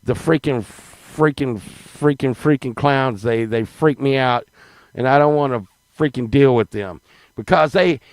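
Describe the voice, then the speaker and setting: A man telling a rambling, profane comic story, swinging between loud excited bursts and low mutters. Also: unhurried, no room sound, rough recording. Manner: profane, rambling, animated, with sudden drops to mutters.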